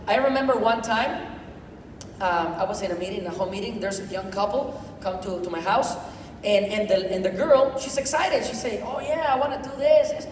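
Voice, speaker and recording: A man giving an energetic motivational talk at a sales event, repeating himself and dropping "you know" often, in imperfect non-native English. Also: high-pitched, moderate pace. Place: event hall with audience. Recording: echoey hall from far off, noisy.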